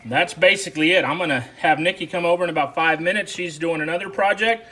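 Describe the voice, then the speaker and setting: A man's voice: on the high side, quick pace, bright, forceful tone. A man hosting a casual cooking video, chatting through each step for the viewer. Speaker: cooking show host. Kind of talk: casual how-to cooking narration.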